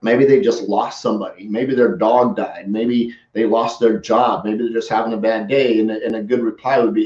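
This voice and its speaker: A man's voice: fairly low pitch, fairly even intonation, moderate pace, hardly any pauses, darkish tone. A middle-aged man giving casual sales coaching, speaking conversationally and acting out sample replies. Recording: roomy, slightly dull audio.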